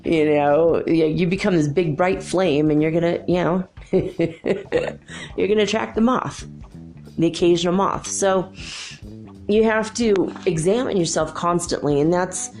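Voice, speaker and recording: A woman's voice: fairly low pitch, measured pace, a little mellow, soft background music. A middle-aged woman hosting a spiritual podcast, chatting and rambling through stories and laughing often. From United States. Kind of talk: casual spiritual talk.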